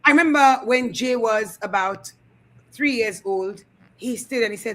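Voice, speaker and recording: A middle-aged woman co-hosting a casual talk show, telling animated family stories and acting out the voices. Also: a little high, unhurried, rough recording. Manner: animated storyteller, acts out quotes. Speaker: co-host. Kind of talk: casual storytelling chat. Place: studio.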